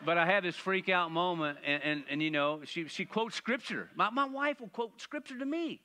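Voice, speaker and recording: A man preaching a sermon, animated and playful, asking the congregation rhetorical questions. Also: high voice, moderate pace, few pauses. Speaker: pastor.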